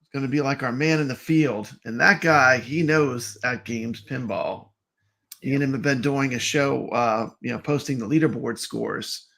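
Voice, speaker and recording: A man's voice: medium pitch, normal speed, gravelly, a bit bright. A man co-hosting a live stream, chatting casually and greeting viewers by name in an upbeat way. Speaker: co-host of a live stream show.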